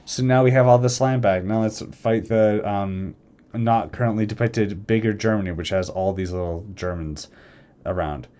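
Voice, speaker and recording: A man with a fairly low voice chatting loosely on a live stream. He rambles and restarts his sentences, dropping into quick little voices for the nations he describes. The talk is unscripted and easygoing. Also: dark tone. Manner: rambling, self-correcting, acts out nations in quick quoted asides. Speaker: streamer discussing a game mod's alternate history.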